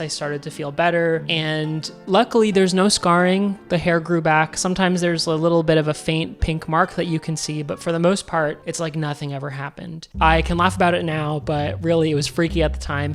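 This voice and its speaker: A woman telling a story in a casual vlog, acting out both sides of the dialogue. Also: low voice. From Canada. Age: 30s. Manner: animated, acts out each side of the dialogue. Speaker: vlogger.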